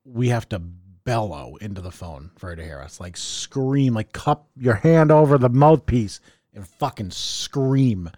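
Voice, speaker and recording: A man's voice: medium pitch, a little slow, no room sound, clean studio sound. A young man co-hosting a podcast in casual chat, bantering wryly with plenty of swearing. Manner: wry, swearing, animated banter. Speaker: podcast co-host.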